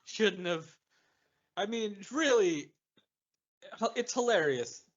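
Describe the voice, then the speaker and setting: A man co-hosting a podcast, chatting casually with animated joking asides. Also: high-pitched, slow pace, highs cut off. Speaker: podcast co-host. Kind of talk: casual comedic chat.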